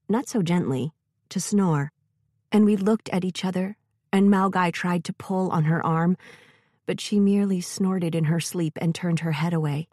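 Storybook narrator, woman, mellow, slightly husky, measured pace. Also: medium pitch, no room sound, studio quality.

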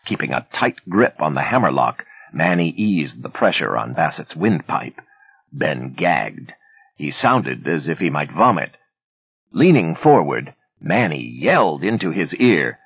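A low, husky male voice narrates a thriller with a dramatic, lively delivery, his pitch moving widely across each sentence. The recording is dry and slightly muffled, with no room sound. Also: measured pace, no echo. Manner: dramatic, expressive reading. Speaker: audiobook narrator. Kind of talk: scripted narration.

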